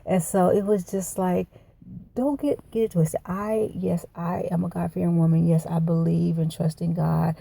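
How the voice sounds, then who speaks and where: A woman's voice: on the low side, level tone, normal speed, gravelly, mellow. A middle-aged woman recording a personal video journal, telling her story in a rambling, emotional way. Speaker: video diarist.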